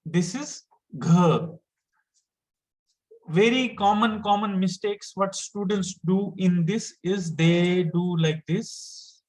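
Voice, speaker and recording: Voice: mid-range voice, slow, low-quality recording. A teacher, giving an online lesson step by step and patiently repeating each point.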